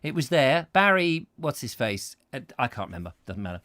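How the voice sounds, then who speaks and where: A man's voice: medium pitch, big pitch swings, fairly quick, bright, forceful tone, dry recording, clean studio sound. A man hosting a comedy chat show, rambling playfully through viewer comments and slipping into silly voices. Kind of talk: rambling comic live-stream chat.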